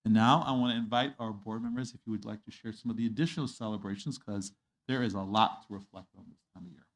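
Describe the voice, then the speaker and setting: A man addressing a school board meeting, earnest and a bit halting, restarting his phrases as he goes. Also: fairly low pitch. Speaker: school district official. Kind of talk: public meeting remarks.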